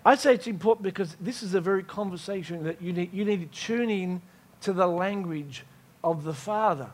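A male preacher with a strikingly high voice delivers his sermon emphatically. He circles back on key lines and keeps checking that the room is following him. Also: fairly quick. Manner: emphatic, repeats key phrases, checks in with listeners.

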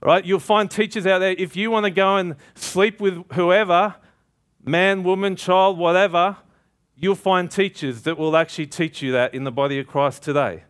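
A man's voice: high-pitched, steady tone, normal speed. A man preaching a sermon, emphatic and calling out questions to the congregation.

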